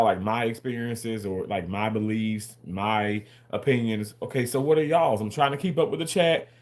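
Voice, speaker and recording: Rambling and repeating himself, a man hosts a casual livestream, answering viewers in the chat and arguing with them. His voice sits at a medium pitch.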